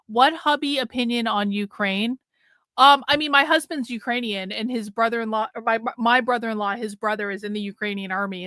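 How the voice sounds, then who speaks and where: A bright-voiced woman talks in a blunt, chatty way, hosting her own livestream. Her voice sits a little high. The sound is close and dry. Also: dry recording. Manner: blunt, chatty, laughs often. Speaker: livestream host. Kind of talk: casual livestream commentary.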